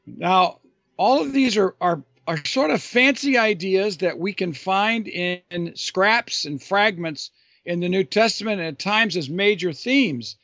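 A man's voice: sits high, animated, a little slow, a bit bright, no echo, lo-fi sound. A man answering a listener's question as an author and Bible teacher, talking earnestly and with emphasis, often restarting and repeating phrases. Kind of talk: thoughtful unscripted explanation.

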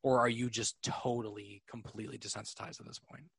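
A man's voice: fairly low pitch, steady tone, fairly quick, gravelly, fairly bright tone, breathy edge, no room sound. A young man hosting a podcast in casual chat, rambling, laughing often and swearing freely. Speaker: podcast host.

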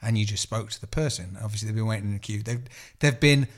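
Quick-paced and lowish in pitch, this English man co-hosts a podcast, where he chats casually, swears freely, cracks jokes, and performs the voices of characters in his stories.

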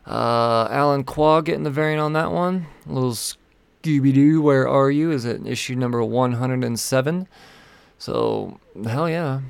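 A man with a gravelly, rough-edged voice, talking casually and swearing freely on a solo comics podcast. The sound is dry and close, with no room around it. He rambles from one release to the next in an offhand way. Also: mid-range voice, unhurried, dry recording. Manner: loose, profane and rambling, sipping vodka. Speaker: comic book podcast host.

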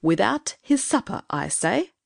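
A woman's voice: mid-range voice, sing-song, normal speed, no echo, clean studio sound. Strict, irritable woman read by a female narrator for an audiobook; firm, scolding delivery that rises and falls a lot. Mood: stern. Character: stern, irritable grown woman who sets strict rules. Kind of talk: audiobook character reading.

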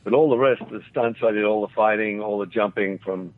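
A former actor, older and Australian, sits in as an interview guest and tells wandering anecdotes in a lowish, slightly fast voice. He chuckles along and gives voice to the people he quotes, and the audio sounds like a phone-like radio line.

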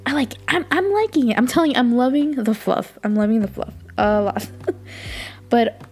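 A woman's voice: fairly high pitch, normal speed, faint music behind. A woman hosting a casual podcast, chatting and gushing, laughing often and saying "like" a lot. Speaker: podcast host. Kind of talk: casual recap chat.

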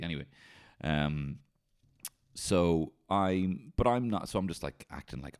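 A man telling an animated, sweary comedy story and breaking into shouted impressions. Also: low voice, fairly quick.

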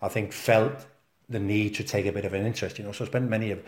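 A man's voice: lowish voice, fast, slight background noise. A man in his sixties from Denmark, speaking with a Danish accent tinged by Liverpool, telling football stories as an interview guest and acting out quotes. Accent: Danish with a Liverpool lilt. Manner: animated, acts out quotes. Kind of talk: anecdotal interview storytelling. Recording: roomy echo.

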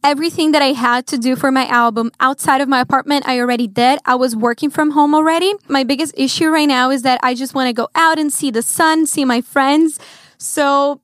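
A woman's voice: high voice, fairly even intonation, brisk, no echo, studio quality. A young woman singer from Brazil with a Brazilian Portuguese accent, chatting cheerfully in an interview about her music. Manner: upbeat, cheerful, laughs often. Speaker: guest singer. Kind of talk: casual interview chat.

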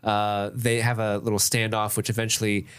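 A man's voice: fairly low pitch, lively intonation, moderate pace. A man co-hosting a casual movie-review podcast, laid-back and swearing freely, with frequent laughter. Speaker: podcast co-host.

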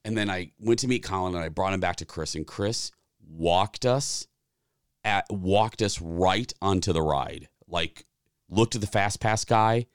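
A man in his forties co-hosting a podcast, telling a story with animated delivery and acted-out dialogue. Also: deep voice, measured pace, clean tone, dry recording, clean studio sound. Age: 40s. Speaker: podcast co-host. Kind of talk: casual chat.

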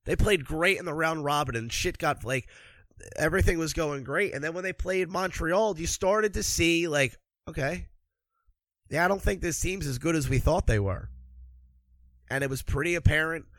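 A man's voice: on the high side, a bit bright, no echo. Profane, ranting man with dry sound. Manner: angry, sarcastic, swears constantly. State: congested from allergies. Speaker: hockey commentator. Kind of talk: profane ranting sports commentary.

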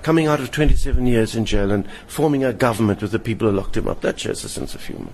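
A fast-talking older man with a mid-range voice, a satirist and performer, is the guest in an interview held in a hotel lounge. He tells theatrical anecdotes in an animated, lively, theatrical style, mimicking the people in them, while faint room noise sits underneath.

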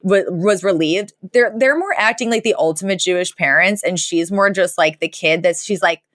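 A woman co-hosting a podcast, recapping a sitcom episode in a lively, laughing way and acting out the characters' lines. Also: on the low side, moderate pace, dry recording, clean studio sound. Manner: animated storyteller who acts out quotes, laughs often. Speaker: podcast co-host.

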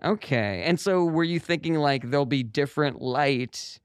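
A man's voice: fairly high pitch, normal speed, clear, resonant tone, no echo, studio quality. A man hosting a comedy podcast interview, playing the earnest straight man and often restarting his sentences.

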